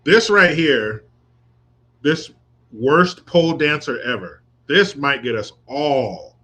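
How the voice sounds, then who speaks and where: A man's voice: medium pitch, sing-song, slow pace, sharp tone, breathy edge. A man hosting a political commentary livestream, crude, sarcastic and mocking, reading viewer comments. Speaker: host reading live chat.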